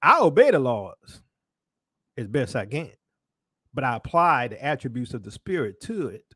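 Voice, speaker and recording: A man's voice: mid-range voice, very animated, moderate pace, slightly rough, dry recording, clean studio sound. A man preaching a sermon with fervent, rising intensity, calling out directly to his listeners. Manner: fervent, rising to shouted exclamations; calls out to the congregation.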